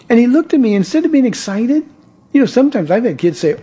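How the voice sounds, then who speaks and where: A man preaching a sermon in a higher, husky voice with a dark, mellow tone. He speaks earnestly and often repeats words as he restarts his sentences. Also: lively intonation, normal speed, long pauses. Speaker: pastor.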